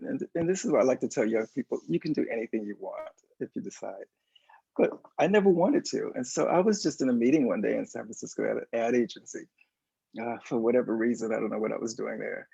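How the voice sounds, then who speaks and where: A man as a guest in an interview, telling stories in a lively way and acting out the voices of people he quotes. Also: medium pitch, gravelly, husky, no room sound. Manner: animated storyteller, acts out quoted voices. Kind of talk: storytelling in a casual interview. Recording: dull lo-fi sound.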